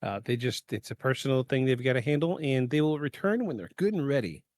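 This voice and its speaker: Rambling man clearing his throat. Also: mid-range voice, animated, fairly quick, darkish tone. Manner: rambling, many fillers, self-correcting. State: keeps clearing throat from pollen allergies. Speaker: podcast host. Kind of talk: casual live podcast chat. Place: home setup in the eastern US.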